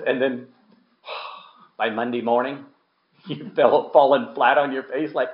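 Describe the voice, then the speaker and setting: A man's voice: mid-range voice, fairly even intonation, normal speed, reverberant, dull audio. A man preaching a sermon in a conversational way, asking the congregation questions and acting out quotes. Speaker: pastor.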